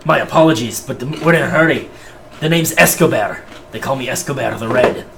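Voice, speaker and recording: A man's voice: medium pitch, a little fast, vocal fry, recorded from a distance, background noise, lightly acted. A man voicing a boisterous, bossy armored male dwarf who calls people lad and boyo, in a tabletop game. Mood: impatient.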